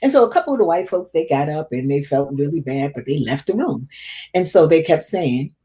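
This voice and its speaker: A woman's voice: low-pitched, expressive, a little fast, dark tone. A woman being interviewed, telling a painful personal story with feeling and often repeating words as she relives it. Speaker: interview guest.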